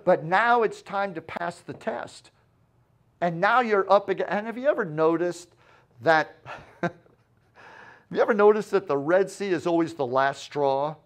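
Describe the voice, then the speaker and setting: A pastor delivers a sermon in a high voice, lingering over each phrase. He performs the quoted lines with dramatic shifts and pauses so his points sink in, staying animated yet unhurried.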